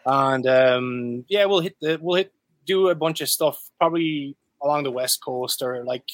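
A man's voice: medium pitch, normal speed, no room sound. A man from Ireland, a guest musician in a casual interview, talking loosely with lots of swearing and filler words. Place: his home music room.

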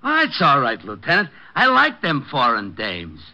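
A man's voice: medium pitch, wildly swooping pitch, normal speed, bright, forceful tone, heavily acted. An actor playing a cheerful, dim-witted male police sidekick with a goofy manner in a 1940s radio drama. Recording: roomy, dull old radio recording.

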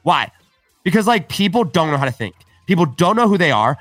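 Here a podcast guest, a man with a fairly high, sing-song voice and a fairly bright tone, talks briskly and casually. His storytelling is animated, full of acted-out dialogue and constant "like" and "right?" fillers. There's no room sound, just faint music behind him.

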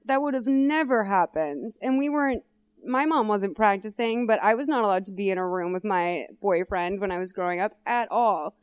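A young woman co-hosting a podcast, chatting loosely as she retells a movie scene. She jumps in and out of quoting the characters, keeping a middling, everyday pitch. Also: smooth. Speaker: podcast co-host. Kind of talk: casual chat recapping a film.

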